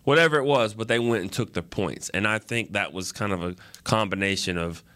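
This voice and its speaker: A man co-hosting a sports talk show, telling animated game stories and laughing often. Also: on the low side, a little fast, clean tone.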